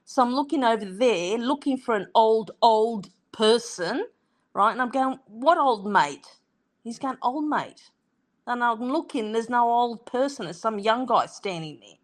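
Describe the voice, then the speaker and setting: A woman from Sydney with an Australian accent, co-hosting a casual comedy chat, exasperated and quick to swear. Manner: exasperated, swears freely, swooping pitch. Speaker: podcast co-host.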